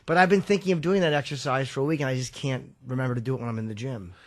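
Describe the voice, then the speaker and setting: A man's voice: medium pitch, rapid-fire. A man co-hosting a podcast, telling rambling stories in casual chat, with a wry edge and some swearing.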